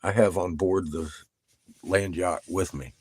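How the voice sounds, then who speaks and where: A man chatting casually with viewers on a livestream. He swears constantly, gets excited and laughs often. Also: low voice, measured pace, breathy edge, no echo.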